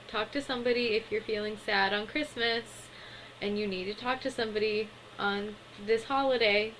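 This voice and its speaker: A woman's voice: mid-range voice, fairly bright tone, a little hiss or hum, low-quality recording. A young adult woman giving a casual, chatty recap of a cartoon episode, full of fillers and small laughs.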